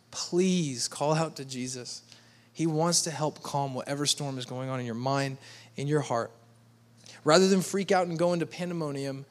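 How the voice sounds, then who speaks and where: A man preaching a sermon to a congregation in an earnest, pleading manner, raising his voice to act out quoted speech. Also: fairly high pitch. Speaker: pastor.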